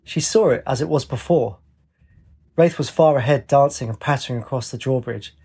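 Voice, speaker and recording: Husky man narrating a story. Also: mid-range voice, normal speed, darkish tone.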